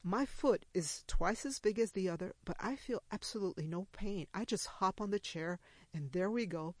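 A woman's voice: medium pitch, normal speed, no room sound. Laughing older woman telling a story. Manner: animated, laughs while telling, acts out others' lines. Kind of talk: personal storytelling.

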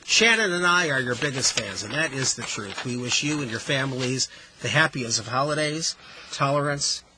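A man hosting a radio show from a studio, interviewing students in an expressive, emphatic and playfully teacherly way. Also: mid-range voice, slight background noise, low-quality recording.

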